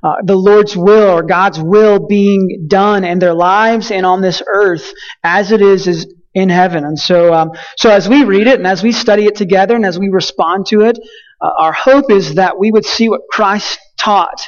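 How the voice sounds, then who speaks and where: A man's voice: high voice, moderate pace, muffled recording. A young man from West Texas preaching a sermon, telling folksy stories with lots of fillers and restarts. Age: young adult. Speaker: pastor.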